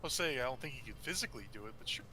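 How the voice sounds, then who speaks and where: A man playing a tabletop role-playing game, making quick joking asides. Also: medium pitch, expressive, pushed and bright. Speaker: player. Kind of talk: casual tabletop game play.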